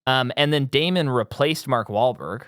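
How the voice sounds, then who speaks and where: A man's voice: medium pitch, normal speed, fairly bright tone, no echo. Give me a man chatting casually about a film, rambling and laughing, on a dry mic. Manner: rambling, many ums, laughs easily. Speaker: podcast co-host. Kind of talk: casual movie chat.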